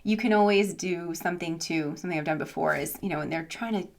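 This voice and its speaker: A young adult woman from the United States, an online English teacher, telling stories about her classes in a chatty, animated vlog style with frequent fillers and laughs. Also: on the low side, fast, creaky. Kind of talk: casual vlog storytelling.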